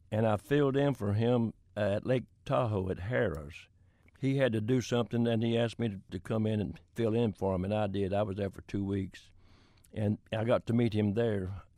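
An older man from Florida, a country singer-songwriter appearing as a guest, tells folksy stories from his career in an interview, chuckling as he goes. His voice is lowish with a darkish tone, captured at studio quality with no room sound.

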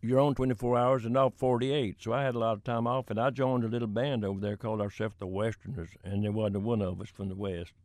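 A man's voice: fairly low pitch, steady tone, quick pace, hardly any pauses, a little mellow, dry recording. An older man from Florida, telling folksy stories from his career in an interview. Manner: folksy anecdotal storytelling with chuckles. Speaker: country singer-songwriter guest. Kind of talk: storytelling in an interview.

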